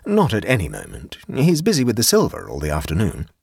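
A sly young gentleman who delivers mischief with a straight face, in a deep, husky voice, as a man reads his part. His delivery is measured and arch but rises and falls widely. He sounds like a character in a read-aloud storybook, recorded dry and close. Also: huge pitch swings, dry recording, full character voice. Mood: deadpan. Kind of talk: audiobook character voice.

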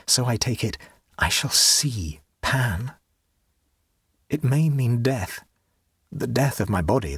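A man's voice: mid-range voice, slightly rough, no room sound, heavily acted. A man reading the part of a serene, rapturous young man who talks with ecstatic, preaching fervor. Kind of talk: audiobook character reading.

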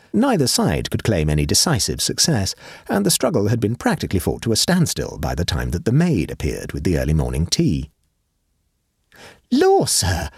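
A man reads a classic comic tale in a wry, measured way, his low voice husky and rising and falling widely across each sentence. The sound is close and dry, with no room around it. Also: darkish tone, no echo. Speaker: narrator. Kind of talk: storybook narration.

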